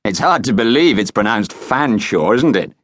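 A man's voice: on the low side, expressive, moderate pace, fairly bright tone, dry recording, pitched above the performer's own voice. Cheerful rich stranger, breezy and friendly, male reader voicing him. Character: cheerful rich grown man in sports car.

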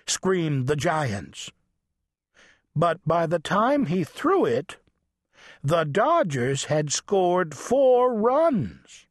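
A man reads a children's storybook aloud, slowly and with lots of playful rise and fall in his voice. The studio sound is dry and close, with no room around him. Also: sits high, dry recording. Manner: animated, playful read-aloud. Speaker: audiobook narrator.

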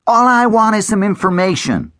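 A man voicing an earnest teenage elf boy in an audiobook, trying hard to keep his voice steady. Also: fairly high pitch, normal speed, dry recording, studio quality, voice pushed up. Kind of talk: audiobook character voice.

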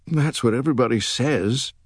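A man's voice: mid-range voice, normal speed, slightly rough, no echo, clean studio sound, voice pushed up, natural voice. A man reading an audiobook, voicing a tearful, earnest young woman who works as a political chief of staff, with his voice raised.

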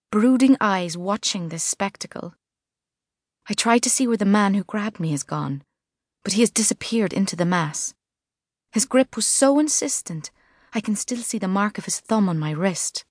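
A woman's voice: on the low side, no echo. Woman narrating an audiobook, dry studio. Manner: measured, vivid literary reading. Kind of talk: scripted first-person narration. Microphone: studio mic.

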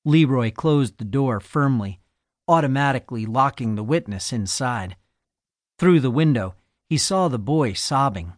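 A man narrating a crime novel audiobook in a measured, even storytelling manner on a close studio mic. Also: mid-range voice, dry recording. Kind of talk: scripted narration.

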